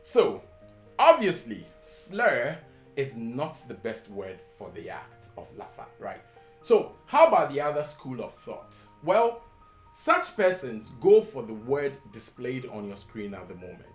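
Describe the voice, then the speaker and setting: A man presents a scripted English lesson at an unhurried pace, his pitch rising and falling widely as he stresses each point. The voice rings in a roomy, echoey space with faint guitar music behind it. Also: big pitch swings. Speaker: host of an English-usage show.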